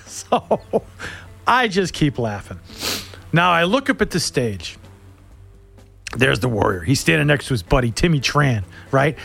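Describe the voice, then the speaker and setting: Man hosting, comic story monologue, animated, slightly high voice, faint music behind. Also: moderate pace, gravelly. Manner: animated, laughs through his own story.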